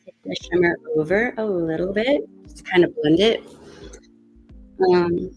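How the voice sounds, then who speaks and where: Slow, low-voiced woman getting over a cold. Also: vocal fry, muffled recording, soft background music. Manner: chatty, thinking aloud, with fillers. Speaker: beauty vlogger. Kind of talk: casual makeup chat.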